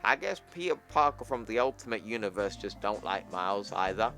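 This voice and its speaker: A man's voice: fairly low pitch, lively intonation, a little fast, pushed and bright. A man hosting a comic book channel, recapping a story in a casual, slangy, offhand way. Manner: slangy and offhand, says yo, bro, fam.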